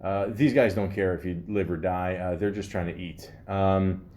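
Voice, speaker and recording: A man's voice: low voice, steady tone, moderate pace, a little mellow. A man hosting a podcast in a casual rambling monologue, swearing freely, using lots of fillers, and reading facts aloud before riffing on them. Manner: rambling, profane, filler-heavy. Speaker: podcast host.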